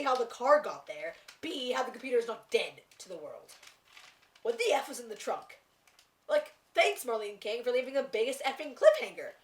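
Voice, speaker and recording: A young woman chatting excitedly as a vlogger reviewing a TV episode, laughing often and gushing. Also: high-pitched, roomy sound. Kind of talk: casual chat.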